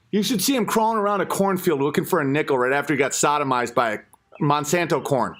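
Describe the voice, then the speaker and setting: A man's voice: a little high, fast, fairly bright tone. A man hosting an online comedy rant, crude and mocking.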